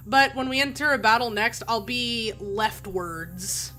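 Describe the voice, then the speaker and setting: A young woman streamer talks through a game live in a bright, slightly high voice. She is excitable and quick to gush, often bursting into loud laughter over small details. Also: soft background music. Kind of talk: live gameplay commentary.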